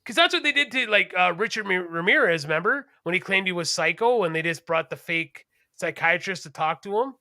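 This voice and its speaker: Man, podcast co-host, high voice, very bright, rambling, cursing, casual chat. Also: a little fast, few pauses, no room sound, clean studio sound. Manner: animated, rambling and profane.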